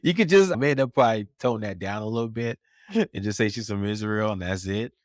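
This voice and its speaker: A man co-hosting a casual pop culture podcast, animated and laughing often. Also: fairly low pitch, a little fast, no room sound, clean studio sound. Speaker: podcast co-host.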